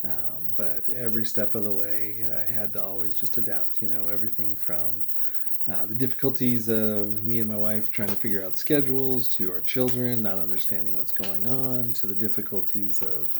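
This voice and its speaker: A man's voice: on the low side, fairly even intonation, normal speed, vocal fry, dark tone, slight background noise. A man in his thirties, a triathlete vlogger, telling a race story in a rambling, reflective way, full of fillers and quoted dialogue. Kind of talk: casual vlog storytelling.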